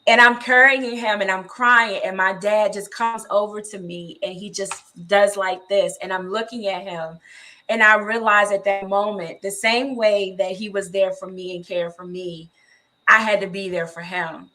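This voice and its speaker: Woman co-host, bright voice, earnest faith-talk storyteller. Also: mid-range voice, fairly even intonation, moderate pace, slight background noise. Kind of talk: faith-based casual talk.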